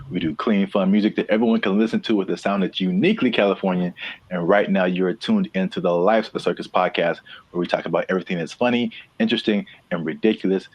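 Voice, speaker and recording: A man's voice: low-pitched, breathy edge. A man co-hosting a podcast in casual chat, playful and laid-back with slangy phrasing. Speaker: podcast co-host.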